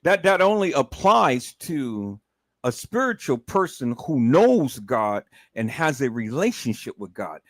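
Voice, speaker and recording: A man's voice: medium pitch, very animated, a little slow, no room sound, poor audio. A man giving heated livestream commentary, cursing heavily and repeatedly addressing his audience in an angry, incredulous rant.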